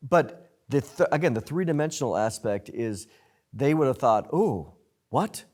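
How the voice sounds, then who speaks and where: A man's voice: medium pitch, lively intonation, normal speed, darkish tone. A man hosting a talk show, explaining in an earnest, conversational way. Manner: earnest, explanatory, with frequent restarts. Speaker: host.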